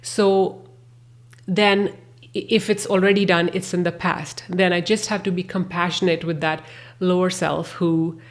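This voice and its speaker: Gentle, earnest woman with a lowish voice. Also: flat delivery, measured pace. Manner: gentle, earnest, with soft fillers. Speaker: podcast host. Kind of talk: reflective self-help talk.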